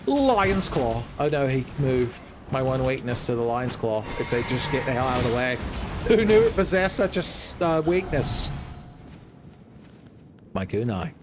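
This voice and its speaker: A young man giving playful, joking commentary over his own gameplay, breaking into loud exclamations. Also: medium pitch, expressive, moderate pace, over music. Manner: playful, jokey, swings into loud shouted exclamations. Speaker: gaming video creator.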